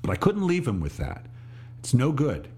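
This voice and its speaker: A middle-aged man and podcast host telling a reflective personal story, slowing on details and restarting phrases. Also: medium pitch, huge pitch swings, darkish tone, slightly rough. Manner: reflective, pauses and restarts, slows on vivid details.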